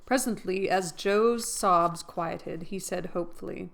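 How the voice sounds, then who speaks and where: Creaky-voiced woman reading a classic novel. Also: a little slow, hardly any pauses. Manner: reads expressively, voicing characters' lines with rising pitch. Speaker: audiobook reader.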